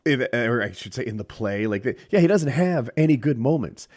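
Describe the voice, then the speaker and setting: A man co-hosting a podcast, giving a critical opinion of a film with halting restarts. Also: mid-range voice, lively intonation, darkish tone. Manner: critical, hesitant, many restarts. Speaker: podcast co-host. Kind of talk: casual movie review chat.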